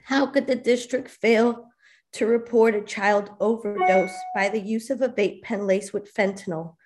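A woman's voice: mid-range voice, a little mellow, rough recording. A woman giving an emotional public comment at a school board meeting, impassioned and pleading, near tears.

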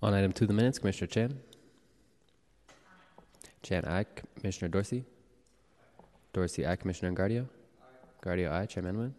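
A man serving as board clerk, calling the roll and reading announcements in a formal, measured way in a city hall chamber. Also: sits low, a little mellow. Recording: echoey chamber with long reverb.

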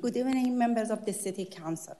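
A woman's voice: fairly high pitch, fast talker, warm tone, slight background noise. A woman from Iran with an Iranian accent, nervously and earnestly giving a public comment to a city council. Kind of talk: prepared public comment speech.

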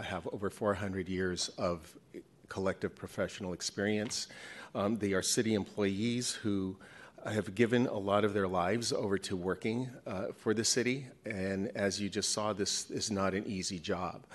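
A man speaks at a city commission podium in a very low voice. He is earnest and measured, laying out a formal complaint with steady seriousness. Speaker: executive director of an employee association, public commenter. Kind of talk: formal public comment at a city meeting.

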